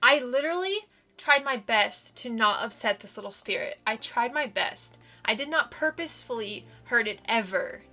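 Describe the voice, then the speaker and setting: Woman let's-player, slightly high, bright tone, exasperated running game commentary. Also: animated, moderate pace, soft background music. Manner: exasperated, exclaiming often. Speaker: let's play gamer. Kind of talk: visual novel playthrough commentary.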